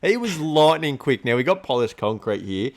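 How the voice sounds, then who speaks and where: An Australian man co-hosting a podcast, telling animated stories in casual chat, swearing freely and laughing often. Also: mid-range voice, moderate pace. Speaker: podcast co-host.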